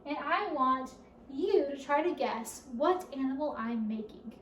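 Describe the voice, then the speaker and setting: A woman leading a children's storytime at a library, speaking slowly and encouragingly and asking the children questions as she goes. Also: high-pitched, lively intonation, a bit bright, slight background noise. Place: library room. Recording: roomy, distant camera audio.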